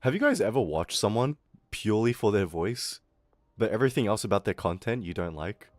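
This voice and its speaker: Man, young adult, Australian accent, casual stream chat, animated pitch, dry close sound. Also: fairly quick, no room sound. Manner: rambling, profane, laughs often. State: throat irritated. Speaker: VTuber streamer.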